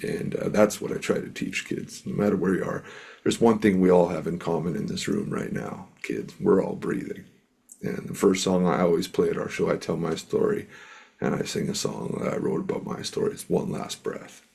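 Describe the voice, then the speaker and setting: A middle-aged Canadian musician and speaker tells stories as an interview guest, earnest and rambling with lots of fillers. His voice is deep, gravelly, darkish, and slightly rough, at a normal speed.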